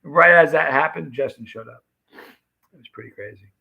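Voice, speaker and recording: A man's voice: fairly high pitch, normal speed, creaky, pushed and bright, low-quality recording. A man from the United States hosting a live stream, telling a rambling story in a chatty way and talking straight to his viewers. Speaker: livestream host.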